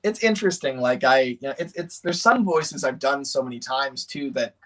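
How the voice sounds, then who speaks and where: A man streaming a casual chat, excited and animated, laughing often and slipping into voices. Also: medium pitch, normal speed, low-quality recording.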